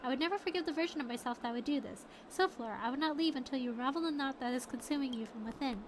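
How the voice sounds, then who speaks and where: Woman reading as a remorseful young man's spirit, soft and formal, high voice, noisy background. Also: rapid-fire, lightly acted. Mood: earnest. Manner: soft, earnest, formal, read aloud from the screen. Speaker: streamer reading game dialogue.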